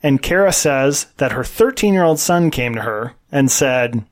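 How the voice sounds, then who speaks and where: A man's voice: mid-range voice, lively intonation, measured pace, few pauses. A man co-hosting a podcast in casual chat, blunt and opinionated, swearing freely. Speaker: podcast co-host.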